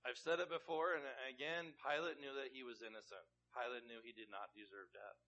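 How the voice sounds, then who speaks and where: A man preaching a sermon in an easy, conversational way, often turning to his listeners with questions. His voice is bright and forward, with a medium pitch. The recording sounds dull and lo-fi. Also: steady tone, a little fast, slight background noise. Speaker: pastor.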